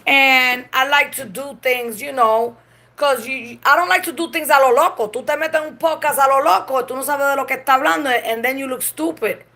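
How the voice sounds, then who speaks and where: A woman's voice: high-pitched, a little fast, bright, forceful tone. A Puerto Rican woman chatting casually on a live stream. She swears freely and switches between English and Spanish mid-sentence. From Puerto Rico.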